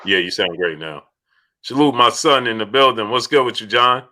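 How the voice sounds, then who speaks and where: Deep bright-voiced man hosting a livestream. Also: fairly quick. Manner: shouts out chat donors, repeats himself. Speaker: livestream host. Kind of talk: casual livestream chat.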